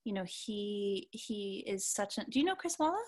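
A woman's voice: medium pitch, expressive, moderate pace, a little mellow. A young adult woman musician chatting casually in an interview, rambling with lots of fillers and casual swearing. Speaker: musician guest.

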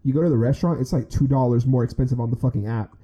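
A man's voice: mid-range voice, very fast, warm tone, breathy edge. A man co-hosting a podcast, joking bluntly and swearing casually. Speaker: co-host. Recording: dull lo-fi remote audio.

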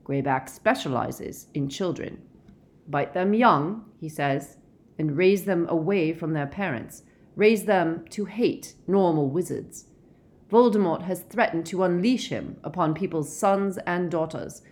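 A woman reading a calm, weary middle-aged werewolf man, measured and gentle in an audiobook. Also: lowish voice, natural voice.

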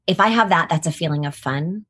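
A middle-aged woman who works as a voice actor is a guest in a casual interview, chatting animatedly and laughing often. Her low voice is slightly rough, and she talks fairly quickly.

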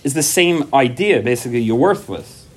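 A man who is a parent gives a personal talk at a recovery workshop. He tells stories with lively energy, acts out quoted dialogue, and often repeats himself and restarts sentences. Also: mid-range voice, moderate pace, husky. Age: adult parent. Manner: animated storytelling, acting out quoted dialogue; frequent repetitions and restarts.

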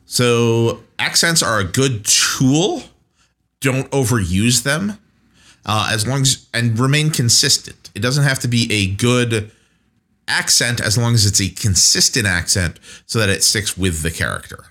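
A man's voice: mid-range voice, a little slow, sharp tone. A man co-hosting a casual podcast chat, steering the talk with questions. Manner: conversational, prompting questions. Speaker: podcast co-host.

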